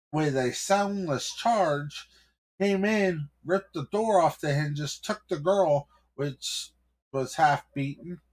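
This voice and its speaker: A man voicing a panicked police officer giving an urgent report in a raised, loud voice. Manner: high, urgent, breathless report.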